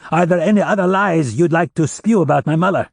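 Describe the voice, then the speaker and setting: A man's voice: on the high side, fairly quick, creaky, no room sound, studio quality, pitched above the performer's own voice. A man voicing a cruel, mocking militant leader who makes cold threats, in an audiobook reading. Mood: menacing. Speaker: captor.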